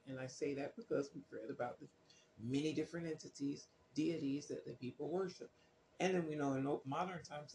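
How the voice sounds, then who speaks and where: A man's voice: fairly high pitch, creaky, mellow, roomy sound, slight background noise. A man reading scripture aloud and commenting on it in a loose, skeptical way, with many fillers and restarts. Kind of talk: casual spoken commentary on scripture.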